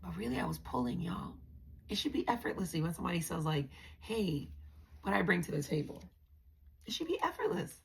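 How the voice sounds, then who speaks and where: A woman's voice: lowish voice, sing-song, fairly quick, vocal fry, slight background noise. A woman hosting a podcast, telling her own story in a candid, blunt way and often calling her listeners y'all. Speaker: podcast host. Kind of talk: confessional personal storytelling.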